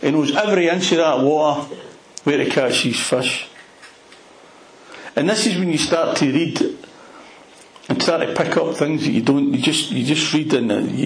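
A man with a Glasgow accent preaching a sermon, retelling a Bible story in an animated way with plenty of local slang. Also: on the high side, reverberant, poor audio. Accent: Glaswegian Scottish. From Scotland. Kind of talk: expository sermon.

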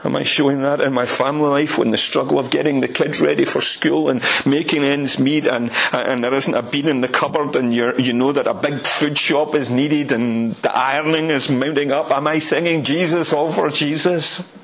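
A man's voice: medium pitch, fairly even intonation, moderate pace, creaky, few pauses, breathy edge, low-quality recording. A man from Scotland with a Scottish accent, preaching a sermon with rhetorical questions and folksy asides.

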